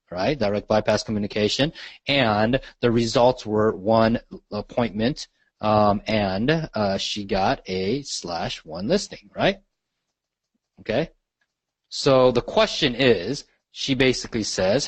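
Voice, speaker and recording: Teaching on a live call about real estate marketing, a man with a lowish, husky voice speaks a little slowly with lively intonation; the recording is dry. He stays conversational, repeats his questions, and checks with the group after almost every point with lots of "right?" and "okay?"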